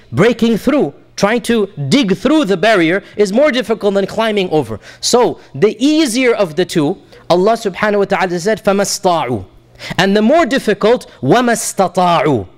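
Male Quran teacher, high voice, recites verses then explains them patiently. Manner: patient, repeats points for emphasis. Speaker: Islamic teacher.

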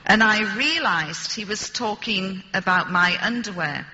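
A woman's voice: mid-range voice, measured pace, sharp tone, in a large hall, muffled recording, slight background noise. A woman telling a story to an audience with dry, wry humor. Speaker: speaker addressing an audience. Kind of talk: storytelling talk.

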